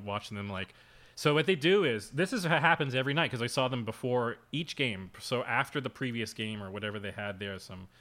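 A man's voice: medium pitch, a bit bright. A young man co-hosting a podcast, telling a story in a loose, rambling way with lots of fillers and asides. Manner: rambling, filler-heavy storytelling with frequent laughs. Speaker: podcast co-host. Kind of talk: casual chat.

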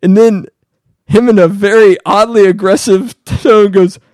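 This podcast co-host, a man, relates a story in casual talk at a measured pace, leaping in pitch as he acts out each quote. The audio is clean studio sound with no room sound.

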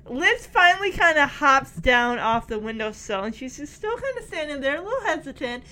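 A chatty woman walks through an episode scene by scene, slipping into the characters' lines as she goes. Her voice sits high, and her delivery stays lively and informal. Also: moderate pace. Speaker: show recap vlogger. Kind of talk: casual episode recap.

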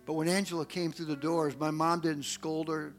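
A male pastor delivers a sermon in a high, bright voice, telling a personal story with animated delivery. He shifts into other people's voices as he goes. Soft music plays faintly underneath. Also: moderate pace. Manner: animated storytelling, acts out quotes.

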